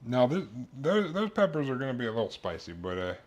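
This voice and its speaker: A man's voice: mid-range voice, very animated, fast talker. A young man streaming as he cooks in his kitchen, rambling through crude jokes and a long story as he works. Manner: rambling, crude jokes, talks while cooking. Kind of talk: casual cooking stream chat.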